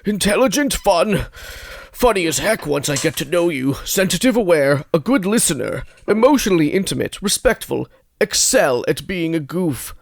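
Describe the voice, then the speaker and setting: Lively high-voiced man reading aloud. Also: normal speed, vocal fry, few pauses, no room sound. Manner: animated, playful, reads in a put-on old man voice. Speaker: podcast co-host. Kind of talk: casual comedic chat, reading a dating profile aloud.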